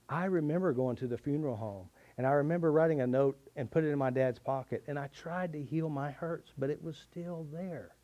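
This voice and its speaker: An earnest middle-aged man tells a personal story while he teaches his therapy method. His voice sits at a middle pitch, and his emphasis rises and falls as he talks through old hurts. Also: dark tone. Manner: earnest, confessional, with shifting emphasis.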